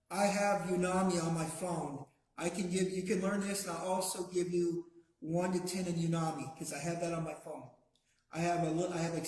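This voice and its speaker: A man teaching a language class, pronouncing each word slowly and patiently so the class can repeat it back. His voice sits a little high for a man. The room around him is strongly echoey. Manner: slow and patient, says words for the class to repeat. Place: classroom, also streamed to a video call.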